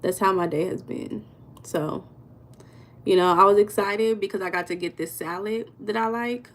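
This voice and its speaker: A woman's voice: medium pitch, moderate pace. An American woman hosting a casual live stream, greeting viewers by name and answering their comments. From United States. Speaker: livestream host reading viewer comments.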